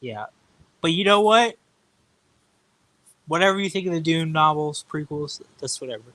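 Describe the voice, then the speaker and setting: A man chatting casually about books and films, animated and jokey, swearing now and then. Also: fairly high pitch, moderate pace, dry recording. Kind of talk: casual chat.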